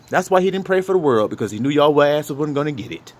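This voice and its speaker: A man preaching an informal sermon in an animated, conversational way, often asking his listeners rhetorical questions. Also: a little high, fairly quick, hardly any pauses.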